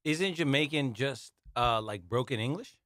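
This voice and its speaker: A man's voice: medium pitch, animated, moderate pace, fairly bright tone, no echo, studio quality. A man co-hosting a comedy podcast, laid-back with short remarks. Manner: laid-back, brief interjections. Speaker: podcast co-host. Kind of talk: casual podcast chat.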